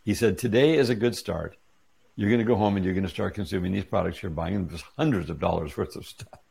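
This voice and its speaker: A man's voice: deep voice, quick pace, creaky, husky. A middle-aged man, an interview guest, telling a personal story in casual chat and acting out the dialogue as he goes. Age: 40s or 50s. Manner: animated retelling with quoted dialogue.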